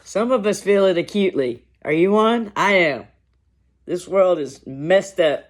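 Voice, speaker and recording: A man vlogging to camera over lunch, talking in a slow, reflective, halting way with long pauses. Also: high-pitched, expressive. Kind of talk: casual talk to camera while eating lunch.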